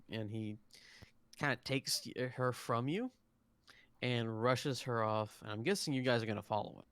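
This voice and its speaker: Running a tabletop game live on stream, a man narrates scenes as game master in a smooth, fairly bright mid-range voice at normal speed. He rambles with lots of fillers and restarts, picked up by a close desk mic.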